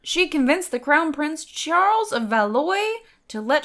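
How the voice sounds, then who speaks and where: Woman podcast co-host, slightly high voice, rambling storyteller. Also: very animated, unhurried, fairly bright tone. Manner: chatty, digressive storytelling. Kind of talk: casual chat.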